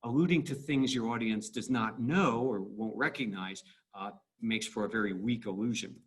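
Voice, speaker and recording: A man teaching high school English in a recorded video lecture, explaining patiently and stressing syllables to show the rhythm. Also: normal speed, breathy edge. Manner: repeats words and restarts.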